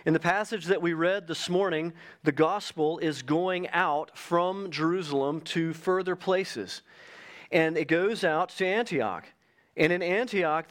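Earnest preacher, a man with a higher voice. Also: a bit bright. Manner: reads an illustration aloud to the congregation. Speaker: pastor. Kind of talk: sermon.

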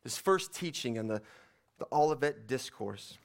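A man's voice: mid-range voice, animated, moderate pace, creaky. A man preaching a sermon, reading scripture aloud and then explaining it in a conversational way. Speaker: pastor.

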